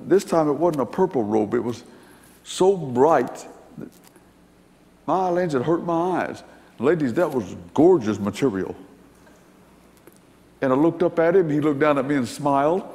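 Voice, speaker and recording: A man's voice: mid-range voice, darkish tone, big-room sound. An older man telling a personal testimony to an audience in a folksy, rambling storytelling way. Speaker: speaker giving a testimony.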